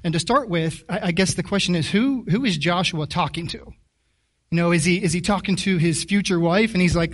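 A man with a high voice, heard far from the mic, preaches a chatty sermon. His delivery halts with lots of repeated words, and he keeps putting questions to the congregation in a conversational way.

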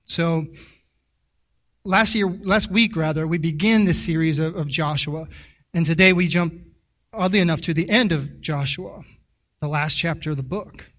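Far from the microphone, a man whose voice sits on the high side with a fairly bright tone preaches informally. His speech is halting and full of repeated words, and he often asks the audience questions.

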